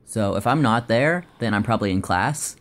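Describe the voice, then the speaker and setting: A young adult woman hosting a casual vlog, playful and quick to laugh. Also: very deep voice, lively intonation. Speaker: vlog host. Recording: faint background noise.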